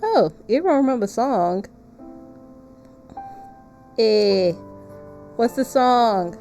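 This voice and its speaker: A woman streaming a game live, chatting playfully with her viewers, laughing often and reading the game's narration aloud in a softer voice. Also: on the high side, lively intonation, takes it slowly, faint music behind.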